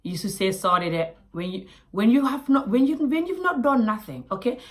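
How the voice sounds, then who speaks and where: A woman's voice: on the high side, a little fast. A young woman from Gambia with a West African accent, telling a story to camera in a casual vlog and acting out other people's lines. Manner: animated, acts out others loudly, drops to hushed asides. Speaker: vlogger.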